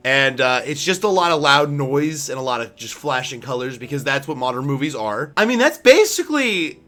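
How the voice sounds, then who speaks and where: Sarcastic young man ranting, bright voice. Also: medium pitch, very animated, normal speed. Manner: sarcastic, exasperated, shouting outbursts. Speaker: video reviewer. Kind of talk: ranting commentary.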